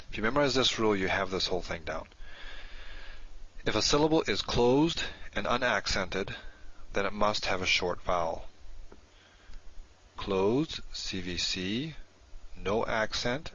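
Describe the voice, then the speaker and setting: A man's voice: on the low side, pushed and bright, dull audio. A man teaching a recorded lesson, explaining step by step and correcting himself as he goes.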